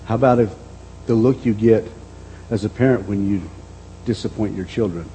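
A middle-aged man preaching a reflective sermon as a pastor, dropping to a soft voice and then lifting it again. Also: on the low side, moderate pace, a little hiss or hum, low-quality recording. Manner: reflective, speaks softly then lifts his voice.

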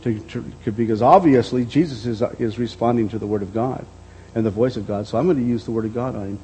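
A man's voice: medium pitch, fast, mellow, breathy edge, poor audio. A man preaching a sermon. He reads scripture aloud, explains it unhurriedly, and often repeats words as he goes. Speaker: pastor.

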